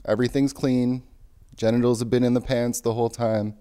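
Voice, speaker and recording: A young man delivering a deadpan, mock-serious rant, lecturing earnestly and pausing now and then to find his words. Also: mid-range voice, clear, resonant tone.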